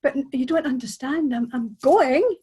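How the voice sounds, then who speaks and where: A woman's voice: high voice, animated, moderate pace, warm tone. A woman voicing a naive, polite young male fisherman who sounds anxious, eager and stammering. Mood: flustered.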